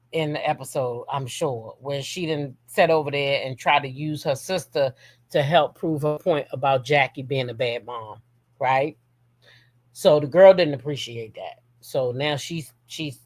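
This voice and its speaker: A low-voiced woman, recorded dry, reads out a long text message on her casual gossip commentary show. She's blunt and foul-mouthed, talking right to viewers and regularly tossing in "okay?"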